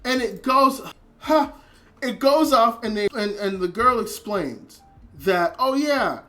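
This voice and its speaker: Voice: mid-range voice, slow, bright, forceful tone, faint music behind. A speaker giving a casual spoken anime review, rambling with lots of filler words, restarts and casual swearing. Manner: emotionally invested, trails off and restarts.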